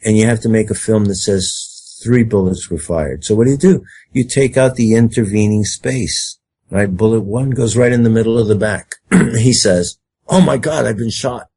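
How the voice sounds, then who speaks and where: Guest, older man, low husky voice, emphatic and rambling. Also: moderate pace, mellow. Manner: emphatic, rambling, acts out quoted speech. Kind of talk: conspiracy talk interview.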